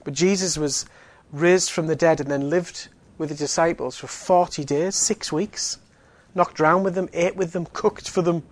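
A man's voice: a little high, steady tone, moderate pace, few pauses. A man giving an evangelistic talk in a chatty style, full of fillers and joking asides. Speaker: Alpha course speaker.

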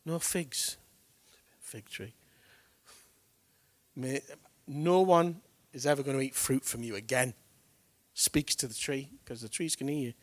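A man preaching an animated sermon, speaking colloquially and acting out the voices of figures from the scriptures. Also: mid-range voice, unhurried, dry recording. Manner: colloquial, acts out Bible voices.

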